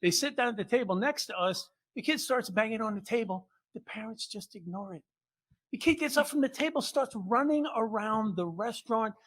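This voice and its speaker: Older guy telling funny family stories, high lively voice, bright and sharp, deadpan zingers. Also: normal speed. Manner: deadpan punchlines, acts out quoted family members. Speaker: podcast host. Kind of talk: comic storytelling.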